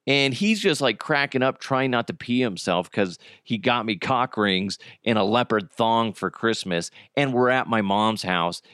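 A man's voice: medium pitch, unhurried, hardly any pauses, a bit bright, clean tone, dry recording, clean studio sound. A man hosting a podcast, telling crude, jokey stories in a casual monologue and laughing often. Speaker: podcast host.

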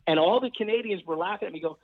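A man with a slightly high voice tells a long story, throwing himself into the voices of the people in it. The sound is dry and narrow, like a call. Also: rapid-fire, no room sound. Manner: animated storyteller who acts out voices. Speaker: former sports mascot performer. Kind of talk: storytelling in a panel chat.

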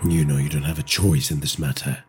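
A man reading a crime audio story and voicing a hardened, grim middle-aged father who speaks low and bluntly. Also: little pitch movement, brisk, loud music behind the voice. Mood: firm.

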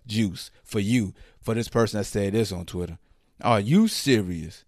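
A man hosting a podcast, ranting in casual slang with incredulous, mocking asides and quick put-on quotes. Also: lowish voice, animated, dark tone, no echo, studio quality. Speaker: podcast host. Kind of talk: casual commentary rant.

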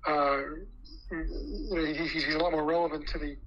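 A man's voice: a little high, flat delivery, normal speed, a bit bright, dull audio. A man talking casually on a sports radio show as a guest columnist, rambling along with many filler phrases. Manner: rambling, heavy on "you know".

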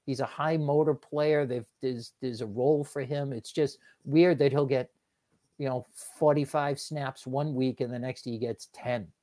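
A man's voice: medium pitch, steady tone, a little slow, mellow. A man talking as a guest on a casual sports podcast, rambling and restarting as he breaks down football players. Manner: rambling, self-correcting football talk.

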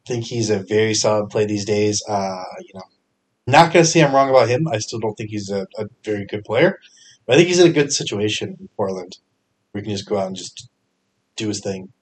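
A man with a fairly low voice runs a casual solo podcast, giving his sports picks. He talks with energy and chatty, loose phrasing, often restarting a thought mid-sentence. His pitch jumps up when he gets excited. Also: brisk, slightly rough. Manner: energetic, chatty, with fillers and self-corrections. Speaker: fantasy sports podcast host.

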